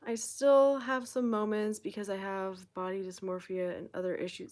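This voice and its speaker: A woman's voice: medium pitch, flat delivery, moderate pace, a little mellow. A woman hosting a live question-and-answer stream as a manifestation coach, talking bluntly and emphatically, swearing freely as she encourages viewers. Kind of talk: casual live-stream advice, reading viewer comments.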